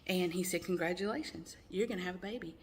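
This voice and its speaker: A woman's voice: fairly low pitch, fast, a little hiss or hum. A woman in her forties telling her personal story earnestly, with lots of fillers and restarts. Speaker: mother sharing her testimony. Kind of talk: personal testimony to camera.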